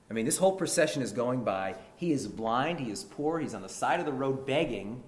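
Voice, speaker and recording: A man preaching a sermon, telling a story with lively energy and calling his listeners brethren. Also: lowish voice, reverberant, a little hiss or hum.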